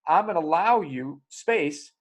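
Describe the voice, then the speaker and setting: A man's voice: on the high side, expressive, measured pace. A middle-aged man hosting a casual podcast conversation, telling stories animatedly and acting out dialogue in raised voices, swearing freely. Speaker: podcast host.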